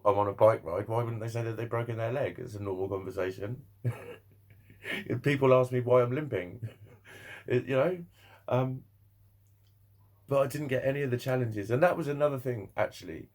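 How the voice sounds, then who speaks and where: A man's voice: medium pitch, a little mellow. A young man chatting casually to camera, rambling and swearing, laughing often between thoughts. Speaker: vlogger.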